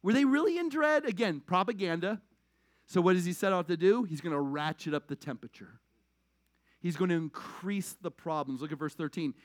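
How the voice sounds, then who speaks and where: A male pastor preaching a conversational sermon, animated, swinging between loud emphasis and quiet asides. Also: sits high, brisk, no echo, clean studio sound.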